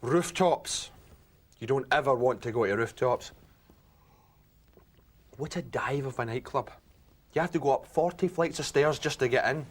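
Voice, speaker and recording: A man's voice: mid-range voice, normal speed, long pauses, husky, close to an everyday voice. A young man with a Scottish accent telling a comic story in character, chatty and self-mocking, acting out the other voices. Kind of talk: theatre monologue.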